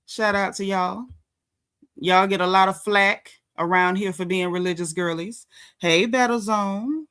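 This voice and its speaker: A woman hosting a casual live stream, chatty and slangy, shouting out viewers by name. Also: mid-range voice, steady tone, a little slow, clean tone. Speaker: host of a celebrity gossip live stream.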